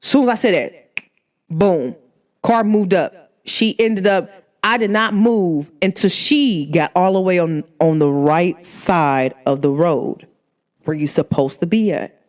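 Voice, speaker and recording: A woman hosting her own show, telling a story in an animated, emphatic way and punctuating it with sharp interjections. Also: on the low side, measured pace. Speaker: podcast host. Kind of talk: storytelling monologue.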